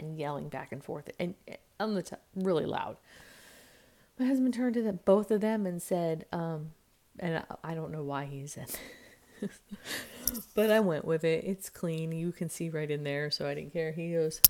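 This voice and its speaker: A woman's voice: moderate pace, long pauses. A woman in her thirties, a mother chatting to her camera at home, rambling through a family story and acting out what people said. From United States. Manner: rambling storytelling, acts out quotes with jumps in pitch and loudness. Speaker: vlogger and mother. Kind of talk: casual chat to camera. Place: at home, indoors. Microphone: camera mic.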